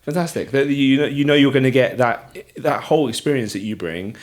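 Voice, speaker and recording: A man's voice: medium pitch, fairly quick. A man hosting an interview podcast, effusive and full of praise, often repeating words as he talks. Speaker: podcast host. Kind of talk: casual interview chat.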